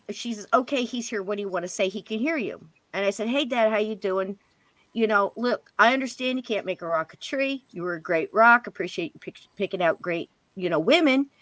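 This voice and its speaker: A middle-aged woman telling a personal story in a casual, animated way, jumping higher when she quotes people. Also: no echo. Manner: animated, jumps to higher pitch when quoting others. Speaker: podcast guest.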